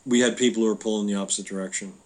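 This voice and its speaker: A man's voice: lowish voice, steady tone, rapid-fire. An older man, a guest entrepreneur, talking casually in a podcast interview, telling anecdotes and quoting people with a chuckle. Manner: storytelling, quoting others, chuckling.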